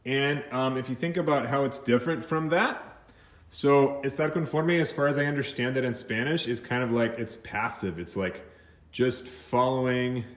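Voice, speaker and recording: A male teacher walks through a vocabulary word at an unhurried pace, circling back with fillers and restarts. His voice sits at a middle pitch and carries a noticeable echo, as if recorded in a bare room. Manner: explains slowly with many fillers and restarts, mixing in Spanish words. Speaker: English teacher.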